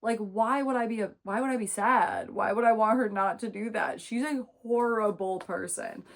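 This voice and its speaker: A woman's voice: fairly high pitch, moderate pace, vocal fry. A woman reviewing a book in a casual vlog, exasperated and emphatic, ranting and swearing freely. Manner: expressive, emphatic.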